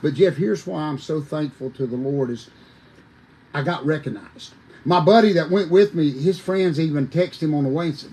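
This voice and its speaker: A man, a former wrestler telling lively, folksy stories as a podcast guest, talking straight to his listeners. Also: a little high, moderate pace, rough recording. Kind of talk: animated storytelling on a podcast.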